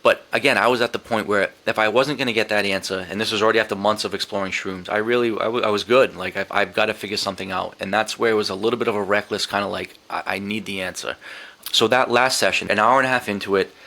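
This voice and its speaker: A man's voice: fairly low pitch, steady tone, fast talker, creaky, hardly any pauses, sharp tone. A middle-aged man as a podcast guest, telling a profane, emotional story with many restarts and quoted inner thoughts. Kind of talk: candid storytelling interview.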